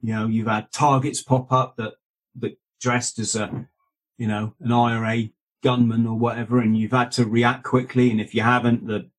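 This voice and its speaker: A man in an interview recounts his time as a Royal Marine with earnest conviction. His voice is husky and sits at an ordinary pitch for a man. He keeps pulling the listener in with little asides. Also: level tone, normal speed. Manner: earnest, checks in with "right?" and "mate". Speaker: guest, former Royal Marine. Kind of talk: conversational storytelling.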